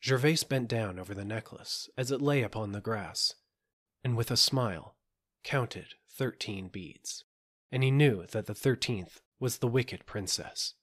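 A man narrating a fairy tale audiobook in a measured, gentle storytelling manner. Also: on the low side, slightly rough. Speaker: audiobook reader.

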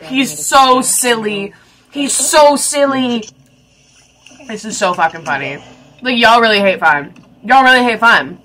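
Twenties woman, excitable reaction vlogger; bright, high-ish voice, gushing and giggly. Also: unhurried. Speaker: YouTuber reacting to a movie. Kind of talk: casual reaction vlog.

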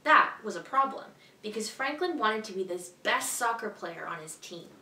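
Woman teacher reading a kids book out loud, bright voice, echoey room, mic kinda far off. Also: mid-range voice, moderate pace, a little hiss or hum. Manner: clear, expressive, evenly paced reading. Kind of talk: storybook read-aloud for children.

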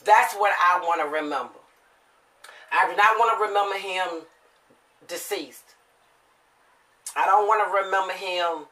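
Bright-voiced woman telling family stories. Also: on the low side, far from the mic, low-quality recording. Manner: emotional, animated storyteller acting out quotes. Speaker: mother and family vlogger. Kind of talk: casual storytelling to viewers.

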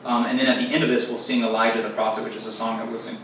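A man's voice: medium pitch, rapid-fire. Man teaching casually in an echoey room. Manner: relaxed, filler-heavy explaining. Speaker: teacher leading a Sabbath demonstration. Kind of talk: casual teaching to a small group. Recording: very echoey room, distant mic, faint noise.

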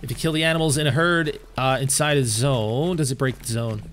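A man's voice: mid-range voice, fairly quick, a bit bright, soft background music. A man streaming live gameplay, chatting casually and answering his viewers' questions while sounding tired. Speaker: game streamer.

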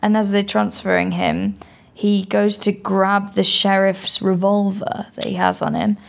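A woman's voice: mid-range voice, flat delivery, measured pace, vocal fry. A woman, a comedian co-hosting a podcast, telling stories in casual chat with a rambling, sweary manner.

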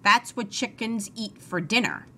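A woman's voice: mid-range voice, expressive, measured pace, sharp tone, a little hiss or hum. A woman voicing a cheerful, literal-minded housekeeper who talks in a folksy, matter-of-fact way.

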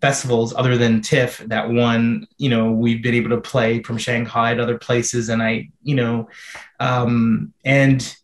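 Man with a flat, roomy-sounding voice. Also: mid-range voice, measured pace. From Canada. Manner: thoughtful, searching, many fillers and restarts. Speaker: filmmaker. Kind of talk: Q&A interview answers. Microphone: video call.

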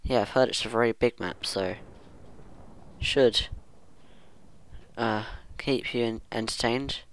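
A man's voice: medium pitch, slow pace. A man talking through his own gameplay in a rambling let's-play commentary, musing aloud to himself and humming now and then. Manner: rambling self-talk, hums and muses aloud. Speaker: gaming channel host.

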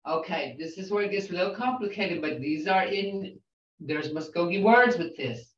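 An older woman teaching a language class, slowly sounding out syllables and words and repeating them patiently for her students. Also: fairly low pitch, animated. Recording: roomy, distant, dull lo-fi sound.

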